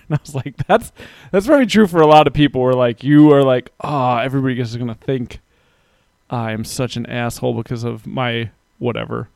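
A man's voice: mid-range voice, a little fast, vocal fry, a little mellow, dry recording. A man co-hosting a podcast in casual chat, rambling with lots of "like" and laughing often. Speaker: podcast co-host.

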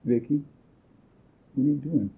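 A man leading a training workshop, calmly asking participants probing questions. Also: medium pitch, measured pace. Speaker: workshop leader. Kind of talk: facilitating a group process. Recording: thin phone-like workshop recording.

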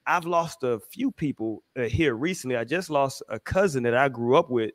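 A man's voice: mid-range voice, expressive, normal speed, dry recording. A man from Houston hosting a podcast, talking in a laid-back, heartfelt way with lots of fillers. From Houston, Texas. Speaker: podcast host. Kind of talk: casual podcast chat.

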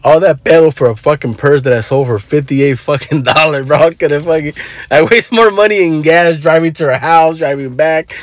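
A man's voice: a little high, normal speed, no echo. A man telling a rambling story in casual vlog talk, swearing freely and mixing in Spanish words, recorded on his phone. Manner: profane, laid-back, mixes in Spanish words. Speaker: vlogger.

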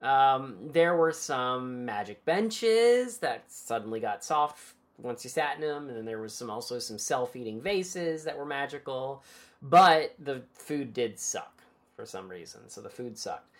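A woman's voice: a bass voice, lively intonation, unhurried. A woman hosting a podcast and recapping a book chapter in casual, irreverent chat, swearing and laughing easily.

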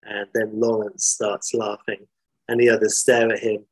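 A man casually retelling a story in an animated, rambling way, full of fillers. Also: on the low side, moderate pace, husky, poor audio.

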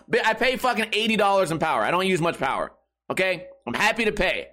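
A man with a fairly high speaking voice rants in a loose, profane comedic monologue. He laughs at his own jokes and breaks off into quick asides. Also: big pitch swings, sharp tone. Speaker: comedy podcast host.

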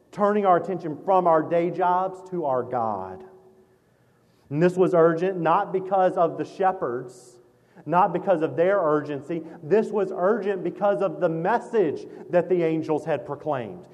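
Mississippi preacher guy, southern drawl, kinda high voice, folksy and punchy, big echoey church hall. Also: darkish tone. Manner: folksy, conversational preaching with emphatic builds. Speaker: guest pastor. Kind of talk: sermon. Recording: long hall reverb.

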